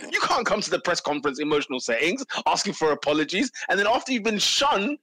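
Animated bright-voiced man. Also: high voice, quick pace, slight background noise. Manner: animated, laughing, London slang. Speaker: podcast co-host. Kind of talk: casual chat.

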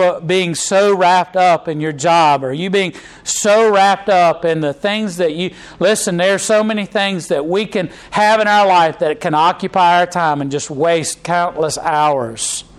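A man's voice: high voice, unhurried, clean tone, low-quality recording. A man, preaching a sermon in a conversational way with frequent restarts and fillers. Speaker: pastor.

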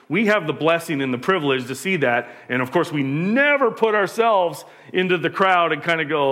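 A pastor, preaching a conversational sermon full of rhetorical questions. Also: male voice, fairly high pitch, big pitch swings, normal speed, a bit bright.

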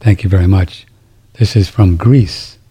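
A man's voice: deep voice, fairly even intonation, measured pace, mellow, breathy edge. A middle-aged man hosting a talk radio show, rambling and indignant as he reads listener emails and restarts his sentences. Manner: rambling, indignant, repeats himself.

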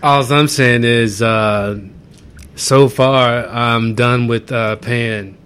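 Brief: male co-host, mid-pitched everyday voice, laid-back speech with fillers that turns into frustrated griping. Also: steady tone, fairly bright tone, clean tone. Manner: unhurried, frustrated venting with fillers. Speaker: podcast co-host. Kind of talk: casual chat.

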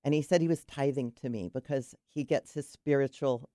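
A woman's voice: rumbling low, fairly quick, mellow, dry recording, clean studio sound. A middle-aged woman, a guest on a radio show, chatting casually and telling stories with many restarts and trailing sentences. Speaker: guest, cold-water swimmer.

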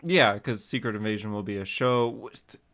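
A man's voice: on the low side, normal speed, fairly bright tone. A man co-hosting a casual podcast chat, agreeable and chatty. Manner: chatty and agreeable, many yeahs. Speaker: podcast host.

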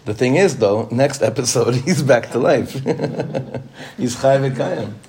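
A rabbi leads an informal class in a middle-pitched male voice. He speaks in a conversational way, circles back over his own phrases for emphasis and often breaks into a chuckle. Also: takes it slowly, darkish tone.

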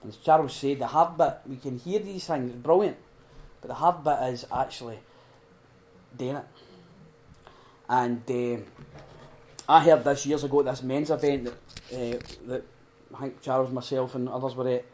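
A middle-aged man giving an earnest, heartfelt talk at a recovery retreat. He swings between loud emphasis and hushed, prayerful quiet. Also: mid-range voice, normal speed, pauses often. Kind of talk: informal sermon talk.

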